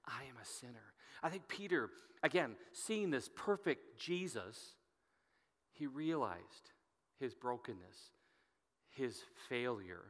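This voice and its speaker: Male pastor, bright forceful voice, storytelling sermon, reads scripture with rising emphasis, long hall reverb. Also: medium pitch.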